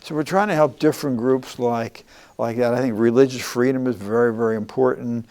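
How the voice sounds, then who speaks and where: An older man, a former congressman, speaking earnestly as an interview guest, with many halting restarts. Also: mid-range voice, fairly even intonation, darkish tone, smooth.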